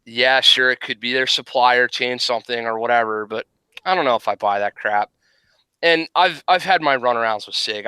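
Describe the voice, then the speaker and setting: A man's voice: medium pitch, bright, forceful tone, clean tone, no echo, poor audio. An American man who is a guest on a live stream, talking in a blunt, opinionated and joking way. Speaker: podcast guest. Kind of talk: casual live-stream chat. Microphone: headset on a video call.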